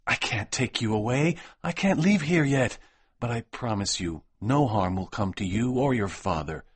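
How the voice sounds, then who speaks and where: A man voicing a bold young newcomer with a calm, confident manner and a husky voice, in a storybook reading for English learners. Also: mid-range voice, moderate pace, no room sound.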